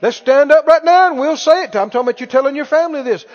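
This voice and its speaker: A man's voice: extremely high pitch, fast. A male preacher delivering a sermon, exhorting and quizzing his congregation. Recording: dull lo-fi, echoey hall.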